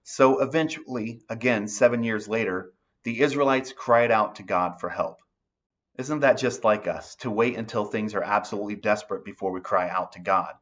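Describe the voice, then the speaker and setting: Male pastor, earnest sermon delivery with scripture reading, low-pitched voice. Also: moderate pace, a bit bright. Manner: earnest, reads scripture aloud and applies it.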